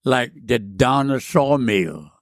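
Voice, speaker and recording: A man's voice: mid-range voice, expressive, slow pace, dry recording, studio quality. A man, telling old stories as a podcast guest, rambling and repeating words as he goes. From South Louisiana. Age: 90s. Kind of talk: casual storytelling interview.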